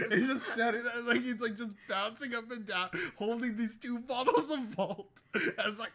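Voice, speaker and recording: A man co-hosting a casual podcast, telling an animated story with frequent laughter. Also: extremely high pitch, normal speed, few pauses. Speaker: podcast co-host. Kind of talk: casual chat.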